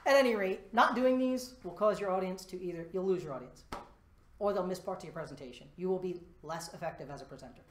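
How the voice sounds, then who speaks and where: A man's voice: high voice, brisk. Man presenting in an echoey room. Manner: lively, self-deprecating and joking, walks around the stage while talking. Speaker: conference presenter. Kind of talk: live conference talk. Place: presentation room before a live audience.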